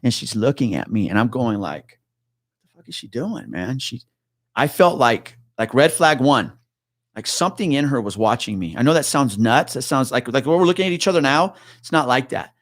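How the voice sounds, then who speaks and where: Middle-aged man, retired cop, casual storytelling, lively and profane, dry close sound. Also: mid-range voice, fairly quick, no room sound. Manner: animated, swearing, acts out quoted voices. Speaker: retired police officer, podcast guest.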